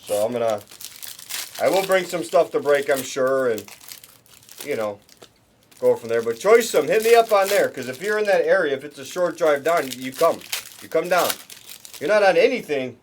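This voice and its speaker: A man's voice: fairly high pitch, expressive, moderate pace, pauses often, a little hiss or hum. A man hosting a live card break, chatting casually and rambling to viewers with many restarts. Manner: rambling, talks to chat viewers, restarts often. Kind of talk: casual livestream chat.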